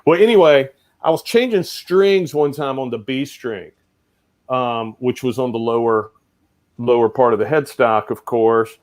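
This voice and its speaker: A man's voice: medium pitch, unhurried. A man chatting as an interview guest, hesitant and meandering as he recalls an old guitar. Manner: hesitant, many fillers and restarts. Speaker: guest musician. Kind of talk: casual storytelling.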